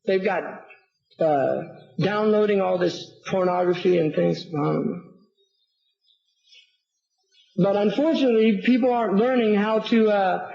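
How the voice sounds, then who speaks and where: A man, an Islamic scholar, giving a public lecture and answering audience questions, animated and sarcastic, often repeating words as he builds a point. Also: high-pitched, normal speed, gravelly. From United States. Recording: roomy, dull lecture hall recording.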